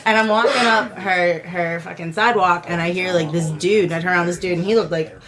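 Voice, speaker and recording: A woman's voice: lowish voice, steady tone, fairly quick, a crowd in the background. Brief: young woman podcast co-host, casual profane storyteller, laughs a lot. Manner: laughing, profane, lots of "like" fillers.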